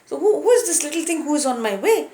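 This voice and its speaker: A woman's voice: high-pitched, sing-song, fast talker, warm tone, voice pushed up. A woman voicing a big, irritated male monkey who mocks in a scornful manner, recorded in a room with a roomy echo. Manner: scornful, mocking.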